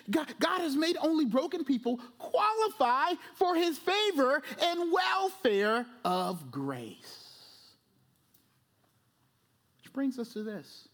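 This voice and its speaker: Give me a high-voiced man preaching a sermon, emphatic, repeating himself for effect. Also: fairly bright tone. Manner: emphatic and conversational, often asks "right?"; repeats and rephrases phrases for emphasis. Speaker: pastor. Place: church service.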